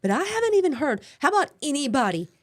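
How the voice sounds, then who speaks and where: A female co-host with a somewhat high voice. She keeps up a steady stream of agreement and rises into exclamations. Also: fast talker. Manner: affirming, interjects agreement. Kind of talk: casual political commentary.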